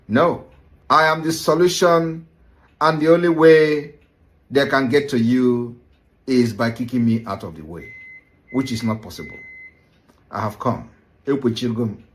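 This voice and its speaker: A man giving a political address, insistent and declarative, in a lecturing tone. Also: mid-range voice. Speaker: political activist. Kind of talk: political speech.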